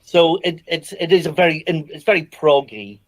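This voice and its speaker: A man from England, a singer-songwriter guest, explaining his song in a halting way with many restarts. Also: on the high side, expressive, a crowd in the background. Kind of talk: interview answers.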